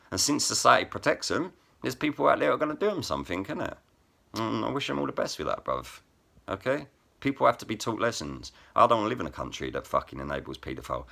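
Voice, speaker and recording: Brief: man, angry vlog rant, low voice, wildly swinging pitch, hard-edged and profane. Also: creaky, pushed and bright. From England. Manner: blunt, heavily profane, repeats "bruv" and "innit". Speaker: vlogger and rap poet.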